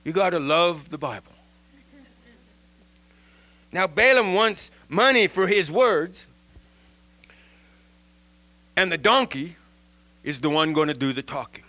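A man giving an informal Bible lesson in an animated way, often restarting and repeating words. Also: on the high side, slow, long pauses. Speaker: Bible teacher.

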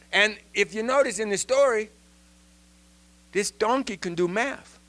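Animated man teaching the Bible. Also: high voice, measured pace, pauses often. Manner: animated, restarts and repeats words.

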